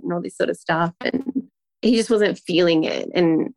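Gravelly, rambling woman telling a story. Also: on the low side, normal speed, darkish tone, no room sound. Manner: rambling, emotional storytelling with many restarts. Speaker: guest. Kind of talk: casual interview talk.

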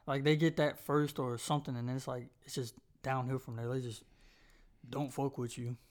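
A young man from North Carolina co-hosting a casual podcast chat, telling animated, slangy stories and acting out voices. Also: medium pitch, normal speed. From Charlotte, North Carolina. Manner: slangy, profane. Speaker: podcast co-host.

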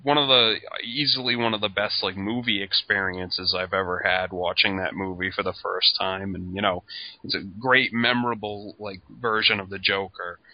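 A man's voice: deep voice, steady tone, normal speed. A man co-hosting a casual podcast, talking hesitantly and saying "like" in nearly every phrase. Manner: hesitant, heavy use of "like". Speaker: podcast co-host. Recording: dull lo-fi sound.

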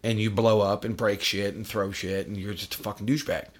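A man's voice: on the low side, steady tone, fairly quick. A middle-aged man hosting a podcast, talking bluntly and profanely in casual chat. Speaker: podcast host.

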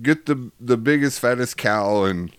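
A man doing an overjoyed elderly father in a storytelling bit, his voice pitched well up, crying out tenderly and calling to the servants with big warmth. The sound is dry and close. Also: measured pace, clear, resonant tone, dry recording, close to an everyday voice. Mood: jubilant.

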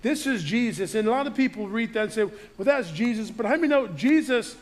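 A man's voice: high-pitched, lively intonation, fairly quick. A man preaching to his congregation, reading scripture aloud and riffing on it with frequent restarts. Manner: reads scripture aloud and riffs on it, with many restarts. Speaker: pastor. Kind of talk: sermon.

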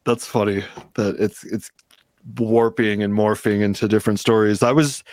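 A man's voice: lowish voice, level tone, normal speed, a little mellow, no echo. A man hosting a podcast, talking in a laid-back way with lots of fillers. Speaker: podcast host. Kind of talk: casual chat.

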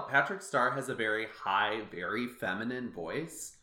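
A man's voice: medium pitch, a little slow, pushed and bright, reverberant. A man hosting a casual podcast chat, rambling and correcting himself as he goes. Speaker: podcast host.

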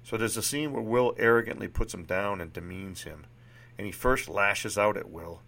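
A man's voice: fairly low pitch, moderate pace, vocal fry, a bit bright. A man reading his personal memoir aloud in a candid, reflective way, with occasional restarts.

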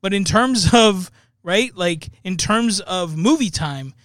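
A man's voice: sits high, lively intonation, slow pace, a bit bright, no room sound, studio quality. A man co-hosting a casual movie review podcast, rambling and often tagging his points with "right?". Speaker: podcast co-host.

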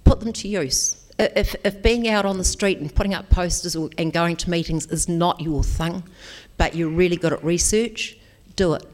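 A woman's voice: lowish voice, moderate pace, darkish tone. A woman giving an encouraging talk, checking in with "okay?" often. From New Zealand. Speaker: speaker. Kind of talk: motivational talk to an audience.

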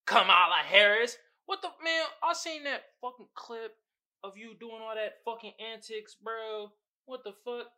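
Young man, high bright voice, profane slangy solo podcast host. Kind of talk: casual solo podcast talk.

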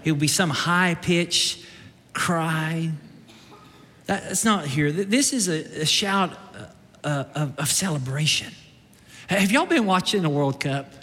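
A man preaching a lively, joking sermon as pastor, shifting into loud shouts and mock voices. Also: fairly high pitch, slow, big-room sound. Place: church sanctuary.

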